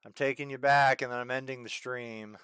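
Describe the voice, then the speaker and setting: A man with a hoarse voice chatting casually while streaming a game, ranting in exasperation and swinging between loud outbursts and low mutters into a desk mic. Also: steady tone, a little fast, dry recording, clean studio sound. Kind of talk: casual gameplay stream chat.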